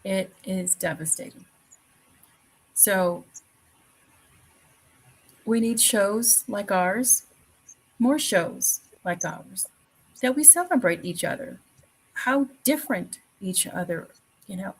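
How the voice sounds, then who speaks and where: A woman's voice: medium pitch, takes it slowly, long pauses, husky, low-quality recording. A woman hosting a talk show, speaking earnestly with repeated phrases and many fillers. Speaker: podcast host. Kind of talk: conversational talk show chat.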